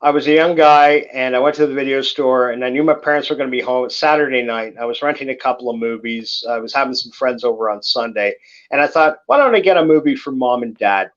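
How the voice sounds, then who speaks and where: A middle-aged man hosts a casual late-night chat stream, rambling, swearing freely and laughing through his stories. He talks fast with fairly even intonation in a medium-pitched, slightly bright voice, captured on a lo-fi, dull microphone.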